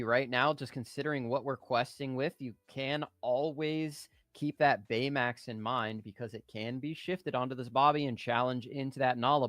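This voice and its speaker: Male co-caster, mid-pitched, measured play analysis; dry close mic. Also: fairly bright tone, no echo. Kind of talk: card game commentary.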